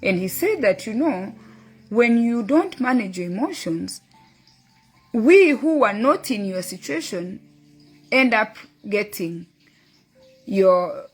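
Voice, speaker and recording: A woman's voice: mid-range voice, sing-song, slow, long pauses, husky, soft background music. A middle-aged woman hosting a motivational talk, earnestly telling a story and quoting her son and a book. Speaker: host.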